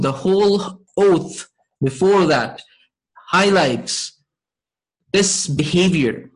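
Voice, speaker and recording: A man teaching a Quran and Arabic lesson, checking in with his class often and reciting verses quickly. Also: high-pitched, lively intonation, poor audio. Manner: asks the class frequent check-in questions, many fillers. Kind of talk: interactive online class lesson.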